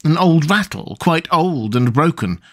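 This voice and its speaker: A man's voice: on the high side, expressive, unhurried, pitched above the performer's own voice. A man voicing a polite, curious little girl who speaks in a prim, earnest way. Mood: gentle. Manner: prim, earnest and well-spoken.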